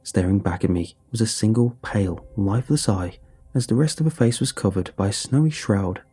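Dark husky-voiced male horror narrator. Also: lowish voice, brisk. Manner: steady, dramatic storytelling delivery. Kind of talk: scripted first-person horror narration.

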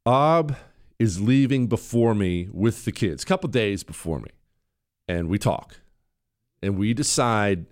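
A man hosting a talk show, telling a story in a punchy, animated way. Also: unhurried. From United States. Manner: animated, wide swings in pitch, punchy delivery. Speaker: radio talk show host. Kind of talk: casual storytelling monologue.

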